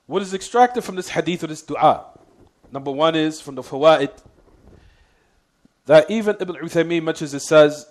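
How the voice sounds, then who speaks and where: A man giving a religious lesson, quizzing his class with "what?" prompts and repeating key points. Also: on the high side. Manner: reads Arabic quotations quickly. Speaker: Islamic teacher.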